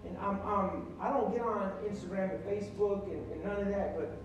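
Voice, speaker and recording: A man preaching a sermon as pastor, animated and emphatic, with the congregation answering him. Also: high voice, fairly quick, lo-fi sound. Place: large echoey church hall. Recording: echoey church hall, distant mic.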